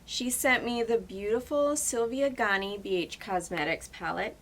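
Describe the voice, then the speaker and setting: A young woman beauty vlogger chatting to camera in a gushing, excitable and emotional way. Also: mid-range voice, moderate pace, slight background noise. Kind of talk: casual chat to camera.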